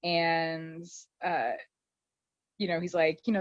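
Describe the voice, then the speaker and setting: A woman's voice: on the low side, lively intonation, a little slow, no echo. Woman podcast host, casual recap, dull dry recording. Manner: chatty, filler-heavy, laughs often.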